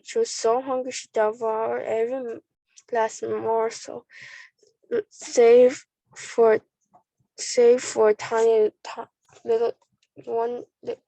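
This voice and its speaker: A woman reading a children's storybook aloud, slowly and carefully, often restarting a word. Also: a little high, level tone, dark tone, dry recording, rough recording. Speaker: storybook reader.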